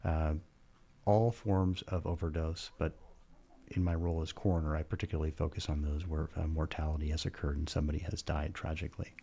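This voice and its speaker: A man giving a measured, earnest radio interview as a county coroner, pausing often with "uh". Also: very deep voice, flat delivery, creaky, mellow. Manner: measured and earnest, with frequent "uh" pauses. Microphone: studio microphone.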